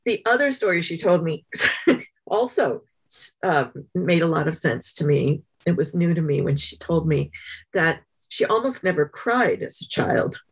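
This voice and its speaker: Low husky-voiced woman telling stories. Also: animated, measured pace. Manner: thoughtful, storytelling, with fillers. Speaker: guest author. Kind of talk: interview conversation.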